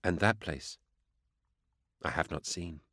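A man voicing a gentle, sorrowful female saint who speaks softly and solemnly. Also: sits low, slow pace, no room sound, studio quality, heavily acted. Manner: soft, hushed and solemn.

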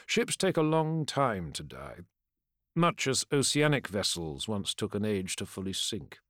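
A man narrating a first-person fantasy audiobook in a measured, grave storytelling voice. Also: fairly low pitch, sing-song, a bit bright, dry recording, clean studio sound.

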